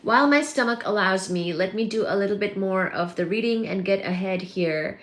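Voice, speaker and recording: A woman hosting a casual live stream, chatting and greeting viewers by name with excited exclamations. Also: mid-range voice, normal speed, reverberant. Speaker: livestream host.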